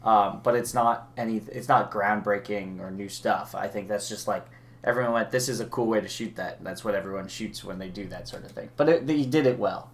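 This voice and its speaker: A man's voice: lowish voice, brisk. A young man co-hosting a movie podcast, talking casually and hesitantly with many restarts. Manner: hesitant, restarts phrases, laughs often. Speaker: podcast co-host. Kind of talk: casual movie review chat.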